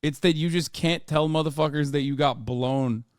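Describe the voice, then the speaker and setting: Animated profane streamer, crisp voice. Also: male voice, fairly high pitch, normal speed, dry recording, clean studio sound. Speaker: streamer, host. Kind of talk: casual live-stream reaction.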